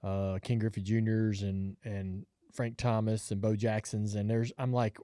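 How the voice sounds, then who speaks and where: Man in his fifties, podcast co-host, animated storyteller, dry close mic. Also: lowish voice, unhurried, no echo. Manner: animated storyteller, laughs often. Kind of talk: casual storytelling chat.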